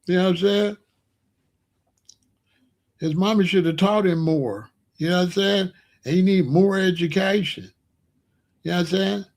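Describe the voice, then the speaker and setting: A man with a notably high-pitched voice rants straight to his audience in loose, casual commentary. He is animated and mocking, breaks into laughter, and keeps returning to the same catchphrase. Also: moderate pace, long pauses. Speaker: online commentator.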